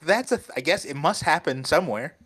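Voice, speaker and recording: A man's voice: on the high side, expressive, brisk, fairly bright tone, slightly rough. A man co-hosting a casual podcast chat, rambling and hedging, laughing often. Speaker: podcast co-host.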